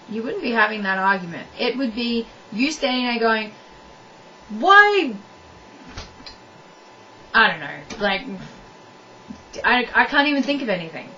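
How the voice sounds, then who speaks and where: A young woman speaks straight to camera with blunt relationship advice. She hammers her points home by repeating them, in a slightly high voice. The recording is dull and lo-fi, caught from a distance with a faint hiss. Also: bright, forceful tone. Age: young adult. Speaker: vlogger giving relationship advice. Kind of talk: direct-to-camera advice monologue.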